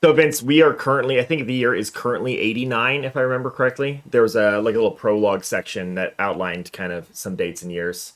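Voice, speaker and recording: A man's voice: mid-range voice, fairly even intonation, fast talker, few pauses, a bit bright. A male gaming streamer chatting casually through a let's play, self-mocking and upbeat.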